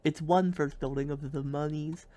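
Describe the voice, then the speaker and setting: A man's voice: fairly high pitch, fairly even intonation, normal speed. Goofy rambling man streaming a game. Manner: goofy, rambling, bursts of silly loud outbursts. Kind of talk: casual gameplay commentary.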